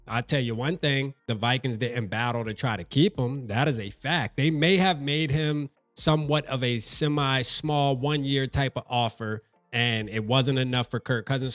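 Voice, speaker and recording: A man's voice: medium pitch, no echo. A man giving casual fan commentary on a vlog, slangy and talking straight to the listener. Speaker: sports fan vlogger.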